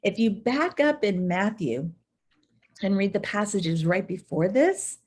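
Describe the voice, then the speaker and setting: A woman teaching a devotional Bible study who tells the scripture stories with animated, storytelling energy. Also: medium pitch, unhurried, slightly rough.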